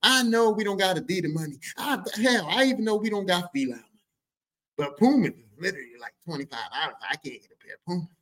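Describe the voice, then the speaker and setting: A man hosting a podcast, telling comedic stories about his family in a profane, rambling, animated way. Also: sits high, fast. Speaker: podcast host. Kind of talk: comedic personal storytelling.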